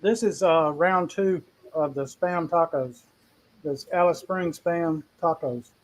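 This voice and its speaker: A man co-hosting a cooking show, talking in a folksy, relaxed way with plenty of fillers. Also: a little high, slow pace, poor audio. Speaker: co-host cook. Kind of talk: casual chat.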